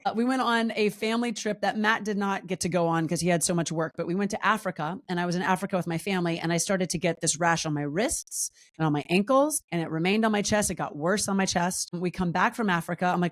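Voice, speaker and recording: A woman in her forties, a guest on a podcast, telling a personal story candidly and lively, jumping high in pitch when she acts out what people said. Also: fast talker, few pauses. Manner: animated, acts out quoted voices with big pitch jumps. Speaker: podcast guest, wellness coach.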